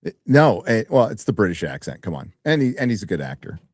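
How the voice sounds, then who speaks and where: A man co-hosting a review stream, chatting casually and rambling with animated swearing. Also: on the low side, fast, dry recording, clean studio sound. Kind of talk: casual chat.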